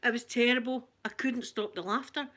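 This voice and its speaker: A Scottish woman hosting her channel, telling a story in an animated, chatty way that keeps breaking into laughter. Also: on the high side, fairly quick. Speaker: ASMR channel host. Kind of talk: casual storytelling.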